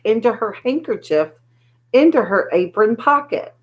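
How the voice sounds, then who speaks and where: Woman storyteller, expressive read-aloud of a children's book, mid-pitched. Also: moderate pace, lo-fi sound. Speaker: storybook reader.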